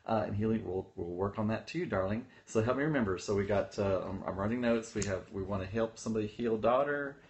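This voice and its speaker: A man's voice: lowish voice, fast, hardly any pauses, slight background noise. A man hosting a casual livestream as an angel medium, bubbly and upbeat, greeting viewers by name and laughing often.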